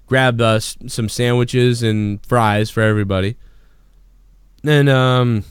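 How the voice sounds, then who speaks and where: Smooth-voiced man telling a wild story. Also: mid-range voice, no echo, clean studio sound. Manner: profane, rambling, excitable storyteller. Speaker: podcast host. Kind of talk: casual storytelling.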